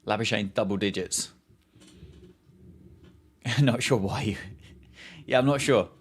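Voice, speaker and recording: A man's voice: fairly low pitch, slow pace, breathy edge. A man hosting a live cricket watchalong, chatting casually, joking and reacting to play and viewer comments.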